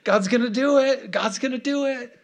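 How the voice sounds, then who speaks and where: A man voicing an eager, excitable Moses, his voice jumping high with breathless excitement. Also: moderate pace. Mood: excited.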